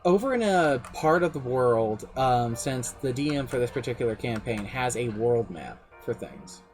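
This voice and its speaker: A man's voice: medium pitch, lively intonation, normal speed, faint music behind. A man streaming, casually recounting his tabletop campaign as game master in a rambling, self-deprecating way.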